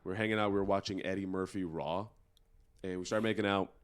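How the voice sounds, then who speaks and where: A man's voice: deep voice, fast talker, smooth. Laughing man telling a drinking story. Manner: rambling, laughing, animated. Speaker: comedian, podcast co-host. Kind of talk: casual storytelling chat.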